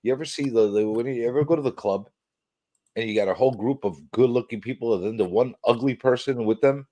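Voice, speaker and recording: A man joking and riffing in casual chat on a comics livestream, animated and exclamatory. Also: mid-range voice, fast talker. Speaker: co-host.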